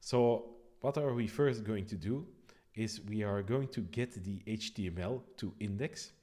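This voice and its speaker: A man explaining his code on a live stream, thinking aloud with frequent pauses and restarts. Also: on the low side, warm tone. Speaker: developer streaming a code walkthrough.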